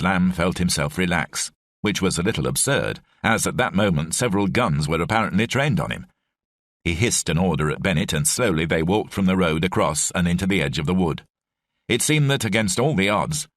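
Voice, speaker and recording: A man reading an audiobook in measured, expressive scripted narration. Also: deep voice, no echo, studio quality.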